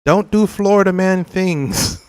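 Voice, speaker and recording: A man's voice: high-pitched, measured pace, darkish tone, smooth. A young adult man streaming gameplay, chatting casually with viewers, joking and laughing often. He is from California. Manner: laughing often, joking, acts out silly quotes. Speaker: gaming streamer.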